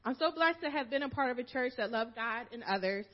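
A woman's voice: on the high side, expressive, a little fast, lo-fi sound. A woman from Philadelphia reading a prepared farewell speech to her church, emotional and holding back tears. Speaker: minister's wife giving a farewell talk.

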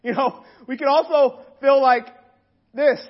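A hoarse man preaching a sermon to a congregation, impassioned, sinking to a hush and then swelling to near shouts. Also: very high-pitched, lively intonation, measured pace, muffled recording. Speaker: pastor. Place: room with a gathered congregation.

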